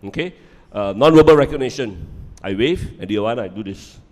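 Brief: middle-aged man, low voice, chatty lecture style, reverberant hall. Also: expressive, brisk, a little mellow. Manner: conversational, repeats words, asks "yeah?" often. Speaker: parenting talk speaker. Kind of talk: live lecture with humor.

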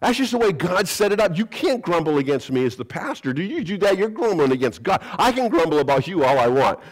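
A man's voice: high-pitched, big pitch swings, fast, low-quality recording. A man preaching a sermon as pastor, telling stories with humor and acting out quoted voices. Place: church sanctuary.

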